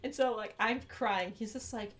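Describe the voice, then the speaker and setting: A woman's voice: on the high side, moderate pace, a bit bright. A young woman co-hosting a podcast, telling a story in casual chat, swearing freely, laughing often and acting out the voices she quotes. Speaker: podcast co-host.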